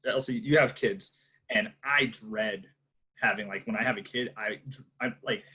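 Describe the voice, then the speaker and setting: A man with a husky voice in a casual podcast chat, animated and acting out quotes. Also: lowish voice, moderate pace.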